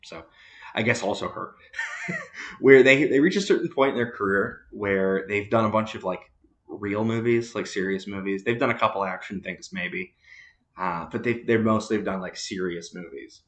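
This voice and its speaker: A man's voice: on the low side, moderate pace, echoey room. A man casually chatting about movies as a podcast host, rambling with many fillers and restarts.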